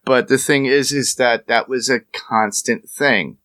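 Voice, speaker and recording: A man with a bright, forceful voice explains things easily in a casual podcast chat, swearing freely. The recording is dry and close, with no room sound. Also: medium pitch, unhurried, dry recording. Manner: explanatory, easygoing, drops swear words.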